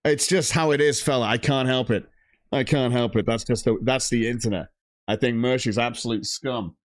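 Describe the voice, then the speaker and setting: A man's voice: medium pitch, steady tone, normal speed, dry recording. A man hosting a livestream, ranting heatedly and profanely about a rival streamer and reading out viewer donations. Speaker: stream host.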